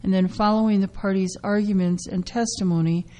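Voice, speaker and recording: A woman hosting a radio talk show about legal news, getting over a cough and speaking haltingly with many fillers. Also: medium pitch, fairly even intonation, dark tone, rough recording. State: recovering from a cough. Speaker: radio host.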